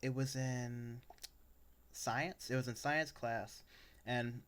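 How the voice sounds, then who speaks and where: A man's voice: mid-range voice, fairly even intonation, takes it slowly, a bit bright, clear, resonant tone. A young adult man co-hosting a podcast, telling personal stories in a casual chat that rambles, with lots of fillers and restarts. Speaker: podcast co-host.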